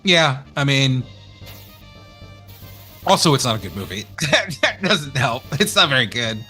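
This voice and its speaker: A man with an East Texas twang hosts a relaxed game stream, reading viewer messages aloud and cracking jokes. His pitch swings widely as he talks. His tone is bright and forward. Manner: animated, jokey, laughs often, reads chat aloud. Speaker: stream co-host reading chat. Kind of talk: casual game stream chat.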